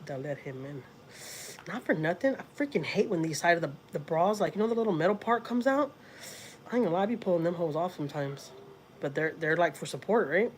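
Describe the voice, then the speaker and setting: Casting: Southern woman from Houston, blunt and salty, lively up-and-down pitch, faint room noise, casual home livestream. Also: a little fast. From Houston, Texas. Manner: blunt, salty, talks to her cat in a high baby voice. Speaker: vlogger. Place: home, indoors.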